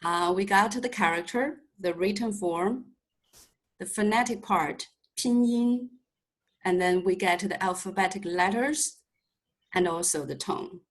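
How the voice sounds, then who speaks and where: A woman's voice: mid-range voice, slow pace, long pauses, poor audio. A woman teaching a Mandarin lesson over a video call, explaining patiently step by step with light humor. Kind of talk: online language lesson.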